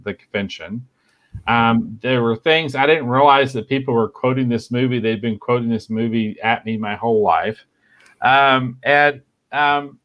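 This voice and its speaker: A man co-hosting a pop culture podcast, talking in a halting, casual way with many fillers and restarts. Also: mid-range voice, a bit bright. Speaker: podcast co-host. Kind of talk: casual chat.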